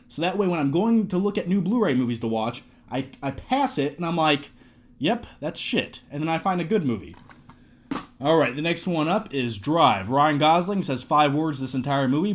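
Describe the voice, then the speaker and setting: A man in his twenties talking casually to camera, reviewing his movie collection in a jokey, excitable way. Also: a little high. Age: 20s.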